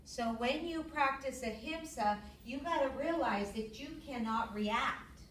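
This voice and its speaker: A middle-aged woman gives a classroom lecture. Her voice sits fairly high and comes from some way off the mic in a roomy, echoey space. A faint room hum runs underneath. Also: measured pace, recorded from a distance. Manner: lively storyteller, acts out her own yelling in a high voice. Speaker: yoga teacher.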